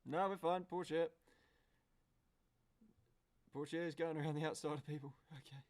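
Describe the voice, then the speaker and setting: A man commentating a car race live on a stream. He is excitable and swears, breaking into shouts at the screen. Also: fairly high pitch, normal speed.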